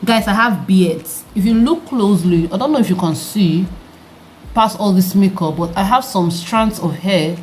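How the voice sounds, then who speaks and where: Deep voiced lady vlogging, animated and chatty, asks viewers lots of questions, bit of faint noise behind. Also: normal speed. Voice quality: deep, mature-sounding voice. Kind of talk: candid vlog chat to camera.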